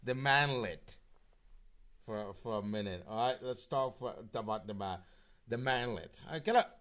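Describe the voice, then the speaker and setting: A man's voice: medium pitch, lively intonation, a little slow, fairly bright tone. A man in casual online group chat, rambling with restarts and swearing, with a slightly slurred voice.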